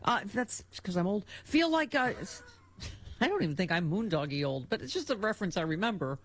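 A woman's voice: lowish voice, animated, brisk, slightly rough. A woman hosting a talk radio show, chatting and joking with a laugh, and reading ads with gushing enthusiasm. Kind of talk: casual political talk radio chat.

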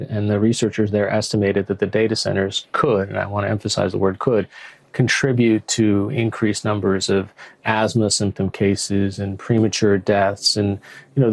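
A man interviewing a guest for a news program, asking measured, carefully qualified questions. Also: lowish voice, a little mellow.

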